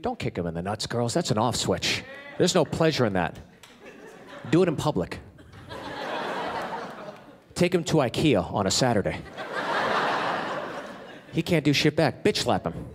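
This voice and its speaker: A middle-aged man doing stand-up comedy, telling animated stories and ranting in exasperation. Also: on the high side. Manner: animated storytelling, exasperated rants. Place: stage in a comedy venue. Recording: live stand-up set with audience laughter. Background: crowd laughing.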